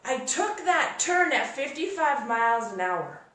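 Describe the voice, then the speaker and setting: Lively woman storyteller in an echoey room. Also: high-pitched, unhurried, recorded from a distance. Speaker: workshop speaker. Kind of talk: storytelling talk to a live audience.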